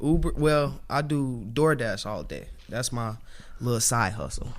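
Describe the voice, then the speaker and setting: Man, mid pitch, lively intonation, laid-back, hesitant short replies. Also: a little slow, slight background noise. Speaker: guest, new father. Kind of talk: casual conversation.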